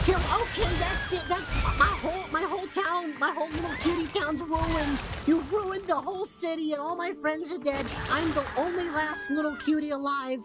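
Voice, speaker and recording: An actor playing a tiny, overdramatic male town mascot in a video game, with a squeaky, childlike voice and whiny rants. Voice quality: squeaky, childlike and sing-song. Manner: whiny rants, swinging to a slow, flat, depressed mutter.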